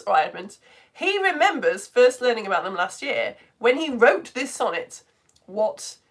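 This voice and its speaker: A woman hosting a live-streamed lesson, reading out viewer messages with bubbly, gasping enthusiasm. Her voice sits fairly high and swings widely up and down as she reacts. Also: a bit bright, slightly rough. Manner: bubbly and exclamatory, gasping with delight.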